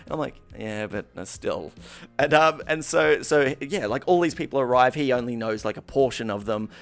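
A man's voice: mid-range voice, normal speed, gravelly. A man telling a long anecdote in casual chat, swearing freely and acting out what people said. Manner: animated, swearing, acts out quoted voices.

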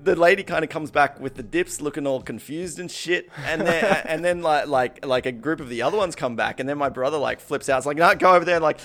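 A man's voice: a little high, fairly quick, hardly any pauses. A man telling a long anecdote in casual chat, swearing freely and acting out what people said. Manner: animated, swearing, acts out quoted voices.

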